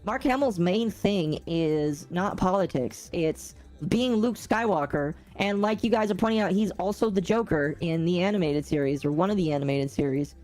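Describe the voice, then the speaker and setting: A woman's voice: on the low side, normal speed, hardly any pauses, darkish tone, soft background music. A woman streamer chatting casually with her viewers, rambling and often correcting herself. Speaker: gaming streamer. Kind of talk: casual livestream chat.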